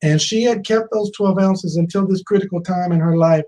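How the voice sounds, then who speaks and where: A man's voice: high voice, normal speed, warm tone, rough recording. A man in his fifties speaking at a conference, telling a personal story, asking the audience questions and repeating key phrases for emphasis. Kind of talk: motivational storytelling speech.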